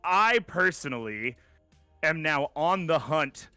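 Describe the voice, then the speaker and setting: A man's voice: fairly high pitch, lively intonation, takes it slowly, sharp tone, clear, resonant tone, no room sound, faint music behind. A man co-hosting a gaming podcast, chatting casually and ranting with sarcastic opinions. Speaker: podcast co-host.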